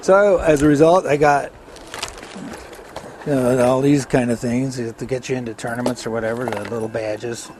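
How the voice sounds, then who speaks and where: A man's voice: mid-range voice, steady tone, moderate pace, a little mellow, a little hiss or hum. An older American man telling rambling golf stories in a casual interview, chuckling now and then. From United States. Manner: rambling anecdotal storyteller with chuckles.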